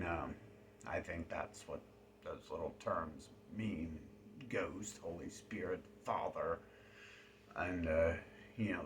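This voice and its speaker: Male vlogger, low-pitched, rambling profane monologue with hushed asides. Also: slight background noise.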